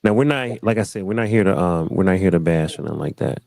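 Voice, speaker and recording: Casting: low-voiced man hosting a relaxed panel talk, repeats himself, dry close mic. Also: quick pace, vocal fry, dry recording. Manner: loose, repeats phrases, says y'all. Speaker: host. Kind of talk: casual panel chat.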